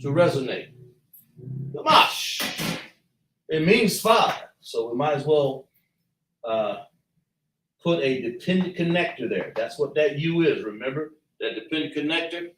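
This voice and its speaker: A man teaching a slow lesson at a chart, patiently breaking down and repeating sounds as he writes them out. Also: a little high, expressive, recorded from a distance, a little hiss or hum. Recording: echoey room, voice from afar.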